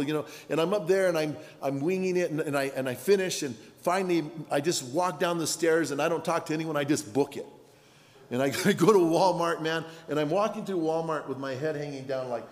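A middle-aged man preaches, his voice sitting a little high for a man. He tells stories with lively bursts and shouted punchlines. A long hall reverb trails behind his words. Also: brisk. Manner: storytelling, animated with shouted punchlines. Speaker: pastor. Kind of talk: sermon. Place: large conference hall.

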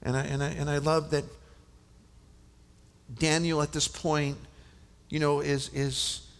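Gravelly preacher man in an echoing hall. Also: a little high, little pitch movement, slow pace. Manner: impassioned, frequent stammered restarts, drops to hushed whispers. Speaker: preacher at a men's conference. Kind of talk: sermon. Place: large conference hall. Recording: long reverb of a large hall.

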